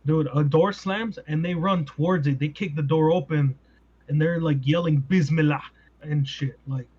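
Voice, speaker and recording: A man hosting a podcast in casual chat, animated and full of rhetorical questions. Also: fairly high pitch, normal speed, husky. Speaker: podcast host. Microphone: podcast mic. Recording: dull lo-fi sound.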